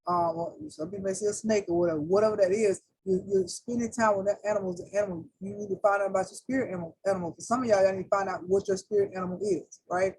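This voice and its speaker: Woman, tarot reader, casual and slangy, husky voice. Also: medium pitch, steady tone, racing, few pauses, a little mellow, low-quality recording. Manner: loose, slangy, talks straight to viewers as y'all. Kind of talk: casual spiritual reading.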